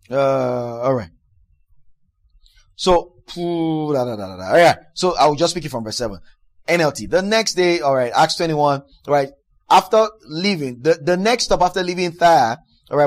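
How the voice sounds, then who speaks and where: A male preacher delivering a fervent sermon, repeating his appeals and reading aloud from scripture. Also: fairly high pitch. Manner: fervent, repetitive, prays in tongues.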